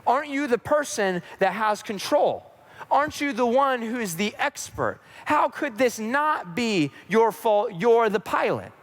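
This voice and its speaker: A man's voice: very high-pitched, big pitch swings, unhurried, long reverb tail, pitched above the performer's own voice, full character voice. A man voicing a skeptical airplane passenger who fires off challenging questions.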